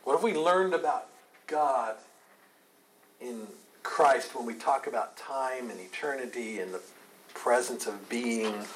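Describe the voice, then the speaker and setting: A man's voice: mid-range voice, unhurried, slight background noise, poor audio. Earnest man teaching a Bible study. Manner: earnest, asks rhetorical questions, repeats phrases.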